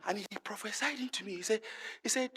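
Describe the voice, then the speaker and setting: A man with a Nigerian accent telling a lively testimony at a conference, acting out the voices of the people he quotes and calling out to the audience. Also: high voice, fast, slightly rough. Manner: lively storytelling, acts out quotes, calls to the audience. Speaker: conference speaker. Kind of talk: animated testimony talk.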